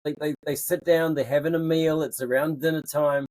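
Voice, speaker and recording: A man hosting a casual chat podcast, encouraging and quick with short replies. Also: on the high side, fairly even intonation, a little mellow, dry recording, poor audio. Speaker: podcast host.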